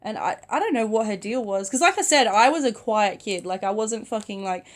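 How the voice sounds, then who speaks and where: A woman's voice: mid-range voice, expressive, fairly quick. Chatty young woman, sick in bed. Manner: chatty, many "like" fillers, soft-spoken. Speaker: vlogger. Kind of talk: casual storytime vlog. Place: in bed at home.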